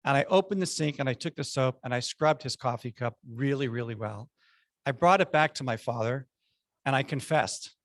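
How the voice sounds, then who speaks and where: A man's voice: medium pitch, moderate pace, no echo. A man giving a prepared club speech, telling childhood stories with punchy numbered lessons.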